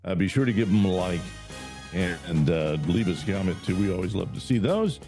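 A man's voice: sits low, expressive, fairly quick, soft background music. A man co-hosting a casual political talk show, blunt and wisecracking. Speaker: co-host.

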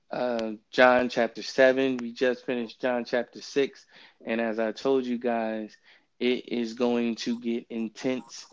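A man hosting a casual Bible study podcast, talking in a relaxed, rambling way with plenty of fillers, recorded remotely on his phone. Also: medium pitch, smooth, muffled recording. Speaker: podcast host. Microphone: phone app, remote recording.

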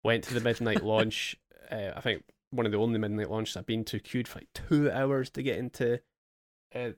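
Low-voiced man telling gaming stories. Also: moderate pace. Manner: relaxed storytelling, swears, acts out his past excitement. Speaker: podcast host. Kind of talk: casual chat.

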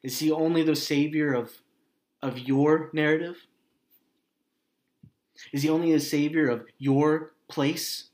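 A man preaching as a pastor, earnest and emotional, pausing often and dropping his voice soft and low. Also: fairly even intonation. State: grieving, voice heavy with hurt. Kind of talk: sermon and prayer.

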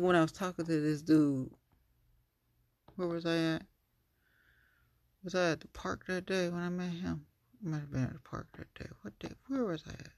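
A woman's voice: low voice, gravelly, no echo. A young woman talking casually and bluntly to her listeners, cursing freely and acting out her stories. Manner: blunt, profane, animated storytelling.

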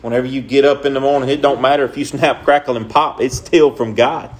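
A man's voice: mid-range voice, fairly even intonation, quick pace. A young man preaching a sermon in an earnest, repetitive way, with folksy, casual grammar.

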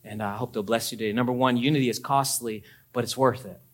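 A man's voice: mid-range voice, fairly even intonation, quick pace. A young adult man preaching a sermon as a pastor, talking conversationally and swinging into emphatic, climbing peaks.

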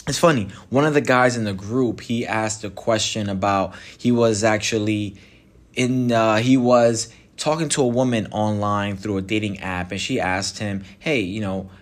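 A man's voice: on the low side, normal speed. Chatty man hosting his podcast. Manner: chatty, apologetic, conversational with filler restarts. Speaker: podcast host. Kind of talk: casual solo podcast talk. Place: Mexico.

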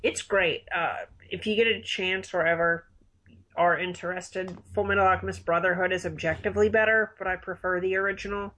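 Twenties, middle pitch, relaxed and enthusiastic casual talker. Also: a little fast, low-quality recording. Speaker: conversation partner. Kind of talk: casual chat.

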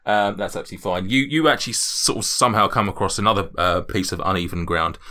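A man running a tabletop game as game master, chatty and relaxed, with many ums and restarts. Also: low-pitched, quick pace.

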